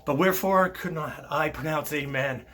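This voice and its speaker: A man's voice: on the high side, normal speed, a bit bright, a little hiss or hum, natural voice. A man playing Macbeth, a guilt-haunted lord, brooding, in an amateur Shakespeare reading.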